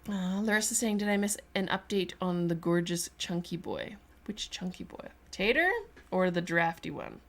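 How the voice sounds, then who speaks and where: A woman's voice: lowish voice, normal speed. A Canadian woman chatting casually on a craft livestream, reading viewer comments aloud and talking about her work. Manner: chatty, reads chat aloud, voices her lizard's thoughts. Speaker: sculpting livestream host. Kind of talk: casual chat while working.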